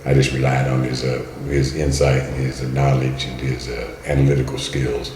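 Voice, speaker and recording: A man's voice: very deep voice, monotone, moderate pace, darkish tone. A man in his sixties from Kentucky, a guest telling stories in a rambling way with many fillers and restarts. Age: 60s. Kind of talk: storytelling in casual talk. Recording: roomy hall with long reverb, faint noise.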